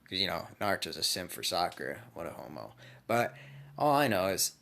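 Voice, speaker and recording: Man, casual rambling storyteller, lively pitch, lowish voice. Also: brisk, vocal fry. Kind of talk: casual fan speculation.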